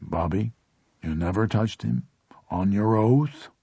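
A man playing a stern deliberate cop. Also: on the low side, creaky, dark tone, husky, no room sound, exaggerated voice. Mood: solemn probing. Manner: firm, probing, deliberate. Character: stern middle-aged male police officer. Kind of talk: audiobook character voice.

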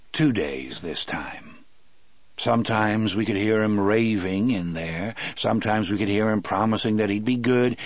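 A man reading an audiobook aloud in a measured, wry storytelling manner. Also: on the low side, dry recording. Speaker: narrator. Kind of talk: audiobook narration.

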